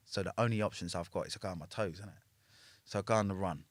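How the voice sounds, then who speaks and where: Low-voiced london guy on a podcast, swearing a lot, keeps tagging "yeah?", dry sound. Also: quick pace, dry recording. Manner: swears freely, ends lines with a questioning "yeah?". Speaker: podcast guest. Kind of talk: casual storytelling chat.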